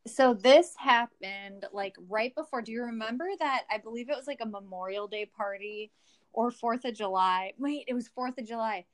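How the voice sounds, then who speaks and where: A woman's voice: on the high side, moderate pace. A woman with a Minnesota accent, a guest in a casual chat who talks at length, explains things, and laughs easily. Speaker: podcast guest.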